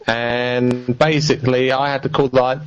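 A man's voice: medium pitch, flat delivery, a little slow, clean tone, faint music behind. A man calling into a radio show, telling a rambling story with some hesitation. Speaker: caller and quiz contestant. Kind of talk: casual phone-in chat. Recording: dull, muffled call audio.

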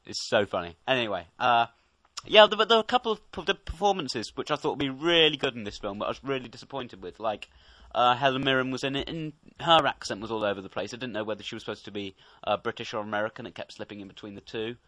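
A man's voice: medium pitch, quick pace, pushed and bright, dry recording. A young man co-hosting a casual podcast with a wry, chatty delivery. His voice sits in a middle register. The recording is close and dry. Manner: chatty, wry, laughs easily. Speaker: co-host. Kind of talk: casual podcast film review.

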